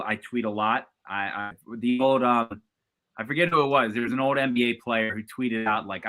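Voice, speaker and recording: A man's voice: medium pitch, sharp tone. A man from the US East Coast, a guest chatting casually on a sports podcast, talking loosely with lots of fillers and restarts.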